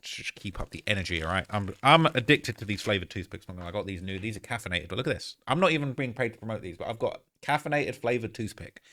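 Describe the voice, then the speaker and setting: A man giving casual, slangy political commentary, constantly checking in with "all right?". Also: on the low side. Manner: slangy, animated, keeps tagging lines with "all right?".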